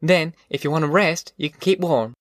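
A man voicing a weary, determined migrant farm mother who gives brisk orders. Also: fairly high pitch, no room sound, studio quality, voice pushed up, close to an everyday voice. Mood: brisk, commanding. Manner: brisk, commanding.

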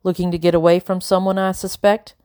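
A woman reading the lines of a kindly blacksmith who speaks slowly and gently. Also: high voice, little pitch movement, smooth, dry recording, studio quality, lightly acted. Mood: gentle. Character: gruff kindly village blacksmith, a man.

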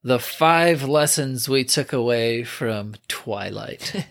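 A man's voice: medium pitch, expressive, slow, vocal fry, fairly bright tone. A middle-aged man co-hosting a comedic book podcast, wry, with laughing asides. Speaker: podcast co-host.

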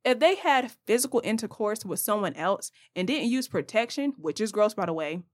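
A woman's voice: mid-range voice, expressive, moderate pace. A young woman hosting a podcast, giving blunt, passionate advice straight to her listeners in a casual monologue. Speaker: podcast host.

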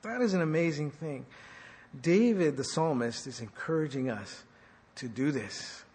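A male pastor preaching a sermon, swinging between loud and soft, asking the congregation questions. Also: on the high side, expressive, a little slow, breathy edge. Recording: echoey hall reverb.

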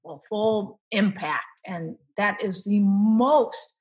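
A woman speaking as a guest expert, explaining how the body handles food in an animated, emphatic way. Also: mid-range voice, slow pace, muffled recording, noisy background. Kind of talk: explanatory conversation.

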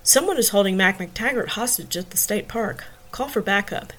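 A woman reading the lines of a male police officer, steady and reassuring under pressure. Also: medium pitch, normal speed. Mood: urgent calm.

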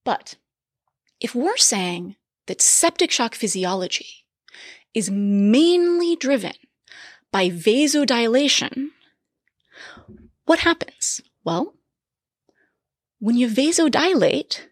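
A woman giving a recorded medical lecture, explaining physiology in a lively, conversational way with quick asides. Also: a little high, no echo, studio quality.

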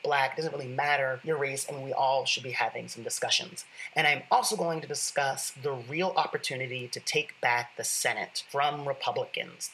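A bright, clear-toned podcast host talking through a solo political show in a loose, conversational way. The delivery is earnest and chatty, with a self-deprecating streak, and a faint ambient hum sits behind it. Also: medium pitch, poor audio.

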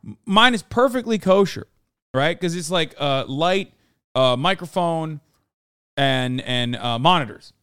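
Animated young man telling a story. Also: a little high, a little slow, clear, resonant tone, no room sound, studio quality. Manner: animated storytelling, acting out quotes, frequent swearing. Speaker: podcast host. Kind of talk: casual storytelling chat.

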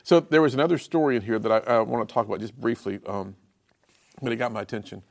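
A man hosts a faith talk show with a lively, rising and falling voice that slips into preaching. He affirms his guest warmly, then turns to address the viewers directly with sermon-like emphasis. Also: medium pitch, quick pace, gravelly. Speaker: host of a Christian talk show. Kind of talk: preaching-style interview talk.

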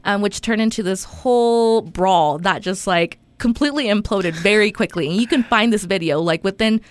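A woman's voice: medium pitch, moderate pace. A woman co-hosts a casual podcast, recapping a story in an easygoing way with plenty of "like" fillers. Her mid-range voice sounds dry and close, with no room echo. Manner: recaps news with frequent "like" fillers. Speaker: podcast co-host.

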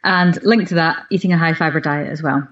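A woman in a casual chat, explaining evidence on food in a measured, careful way. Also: deep voice. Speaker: nutrition expert co-host. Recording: dull lo-fi sound.

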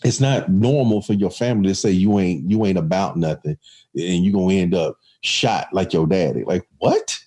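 A man's voice: deep voice, normal speed, dark tone, slightly rough. A man in casual conversation, reflective and storytelling, with many restarts.

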